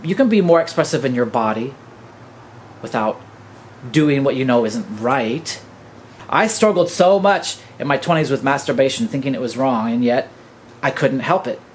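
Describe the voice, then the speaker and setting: A man's voice: mid-range voice, lively intonation, moderate pace, slight background noise, poor audio. A man in his fifties, a podcast host, gives an earnest, preachy teaching monologue and keeps calling his listeners "guys". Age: 50s.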